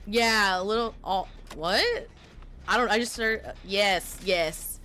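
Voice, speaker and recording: A woman's voice: medium pitch, slow pace, bright, forceful tone, slight background noise. A young woman from Texas with a faint Southern US accent, chatting casually on a live stream in a rambling, self-deprecating way.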